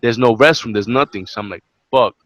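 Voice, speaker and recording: A man's voice: medium pitch, a little fast, no room sound, lo-fi sound. Young New man, casual podcast storyteller, swears freely, dry close sound. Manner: animated, profane, acts out quotes. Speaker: podcast co-host.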